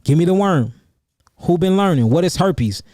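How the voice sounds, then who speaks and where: An animated man with a high voice hosts a live Q&A as an herbalist answering viewer questions, speaking at normal speed in a casual, preachy livestream. He calls out names from the chat and repeats himself for emphasis. The sound is clean studio audio with no room sound.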